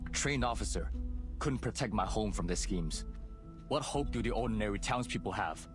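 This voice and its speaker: A man's voice: fairly low pitch, expressive, normal speed, close to an everyday voice. An actor playing a weary, stern male officer who speaks formally and earnestly, in game audio. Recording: game audio with background music.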